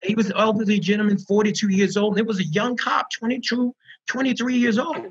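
Husky, high-voiced earnest storyteller, man. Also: fairly quick, dull audio. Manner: earnest, animated storyteller who repeats words for emphasis. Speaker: founder of a prisoner reentry program. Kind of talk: storytelling in an online panel interview.

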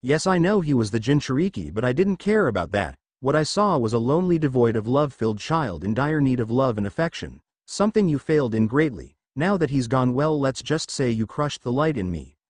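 A man voicing a scornful ninja woman, growling, sneering, lively swings in pitch, dry close sound. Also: fairly quick, hardly any pauses, dry recording. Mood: menacing. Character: cruel, sadistic grown woman ninja, scornful. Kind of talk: fan fiction story reading.

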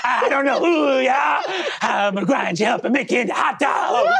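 A man voicing a feral, unhinged bearded man who shouts and cackles. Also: very high-pitched, big pitch swings, moderate pace, gravelly, a loud crowd, pitched above the performer's own voice, heavily acted. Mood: maniacal.

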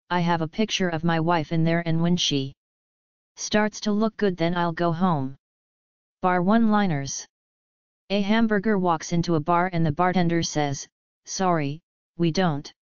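A woman reading a list of drinking jokes and one-liners in a flat, even delivery. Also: on the low side, clear, resonant tone, no echo. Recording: dull lo-fi dry recording.

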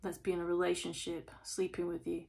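A woman's voice: fairly low pitch, monotone, fairly quick, creaky, a little mellow. A woman chatting through a casual tarot reading, asking lots of rhetorical questions. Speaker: tarot reader.

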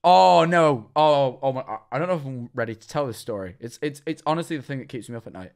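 A man's voice: medium pitch, expressive, fast, vocal fry, clear, resonant tone. A man in his twenties chatting on a livestream, telling self-deprecating stories and stumbling over his words. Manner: stammering, self-deprecating storyteller. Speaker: streamer. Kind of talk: livestream reaction chat.

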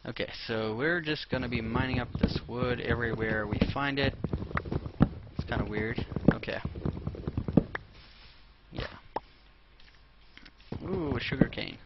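A man's voice: medium pitch, unhurried, pauses often. A young man hosting a let's play, rambling casually and talking to himself as he plays. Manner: rambling, talks to himself while playing. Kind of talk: casual gameplay commentary. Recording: dull lo-fi mic with clear noise.

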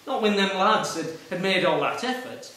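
Before a live audience in a meeting room, an actor delivers a solo-show monologue as a middle-aged male traffic warden who is aggrieved and blustering. His voice is high, bright and forceful, animated at a normal speed, and he rambles in self-pity, breaking into sudden bursts. The sound is echoey, his voice coming from a distance.

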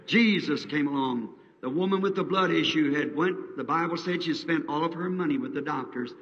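A man's voice: a little high, a little fast. A man preaching a revival sermon, telling stories in plain country grammar and swelling into fervent cries. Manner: fervent folksy storytelling, voice surging to cries. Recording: dull old sermon tape, distant mic in a reverberant hall.

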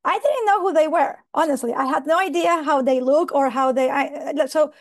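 Brief: high, emotional woman presenter on a dry video-call mic, flustered, apologetic. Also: normal speed, no room sound. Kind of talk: online conference talk.

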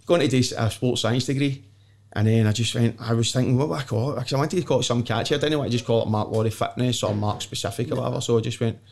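Fast-talking blunt Glaswegian man. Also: medium pitch, vocal fry, a little mellow. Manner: blunt, swearing, self-mocking, laughs often. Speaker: podcast guest. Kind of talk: casual storytelling chat.

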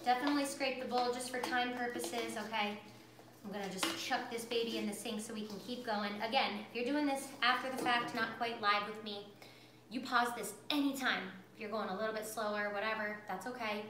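A chatty, bubbly woman leads a live cooking class, pitched a little high and talking right to her viewers. Her voice bounces around a roomy home kitchen, with steady noise underneath. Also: fairly quick. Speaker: cooking instructor.

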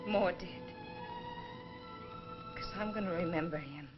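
A scornful young woman spurns the man who wronged her, played by an actress. Her voice sits a little low and cold, set against swelling music on a dull, aged film soundtrack. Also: a little slow, natural voice. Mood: bitter, cold. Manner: cold, cutting, rising to shouting. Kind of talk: 1950s film acting.

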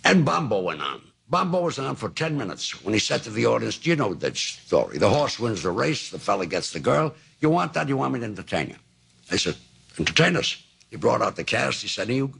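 A man in his nineties, a talk show guest telling anecdotes in a dry, deadpan way on an old TV broadcast tape. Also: medium pitch, a little fast. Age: 90s. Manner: dry, deadpan storyteller with gravelly voice. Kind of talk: anecdotal storytelling.

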